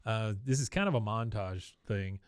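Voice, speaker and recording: A man co-hosting a podcast, retelling a cartoon episode in a lively, casual way and often chuckling. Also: lowish voice, moderate pace, clear, resonant tone, dry recording, clean studio sound. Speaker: podcast co-host. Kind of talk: casual episode recap chat.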